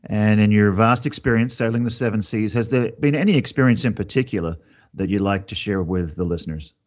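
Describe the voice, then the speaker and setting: A man's voice: on the low side, brisk, muffled recording. An Australian man hosting a podcast, who keeps the interview banter light and teasing. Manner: jokey, teasing, upbeat host banter. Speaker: podcast host.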